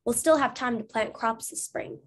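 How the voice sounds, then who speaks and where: A woman's voice: on the high side, normal speed, fairly bright tone, a little hiss or hum, natural voice. A woman reading the part of a practical, matter-of-fact frontier farmer in a storybook. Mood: hopeful.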